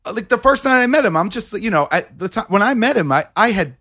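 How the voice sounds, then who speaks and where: A man's voice: high voice, expressive, fast talker, bright, forceful tone, slightly rough. A man co-hosting a podcast in casual chat, eagerly reacting and chiming in. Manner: eager, reacts with laughs and "yeah".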